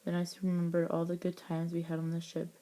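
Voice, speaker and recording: A woman reading her own adventure story aloud, halting and restarting often. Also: lowish voice, monotone, mellow.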